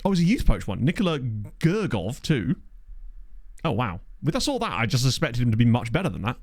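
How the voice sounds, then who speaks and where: A man talking through his game session in a chatty, think-aloud way, with a lively, bouncing pitch. His voice is dry and close, with no room sound. He throws in jokey asides as he goes. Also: fairly quick, no room sound. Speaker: gaming YouTuber. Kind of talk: casual let's play commentary. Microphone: desk microphone.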